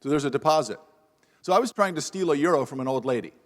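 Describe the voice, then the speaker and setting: A male professor on a panel tells a story at his own expense, lively and wry, through a lapel mic. His voice sits a little higher than most men's. The sound carries a long echo from a large event hall. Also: fast talker. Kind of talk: humorous anecdotal talk at a panel event. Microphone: lapel microphone.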